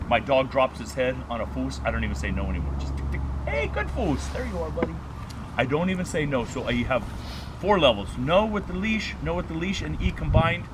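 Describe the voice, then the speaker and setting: A man's voice: medium pitch, background noise. A man leading a dog training workshop, lecturing and sharply calling out commands.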